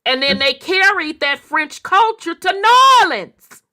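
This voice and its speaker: Animated high-voiced Southern woman host. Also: measured pace. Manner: animated, slangy, laughing storyteller. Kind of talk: casual group discussion.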